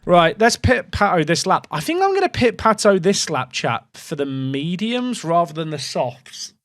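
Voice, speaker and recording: A man's voice: on the high side, very animated, moderate pace, fairly bright tone, no echo, clean studio sound. A young English man casually commentating a racing management game, rambling and questioning himself as he talks to his chat. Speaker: gaming streamer.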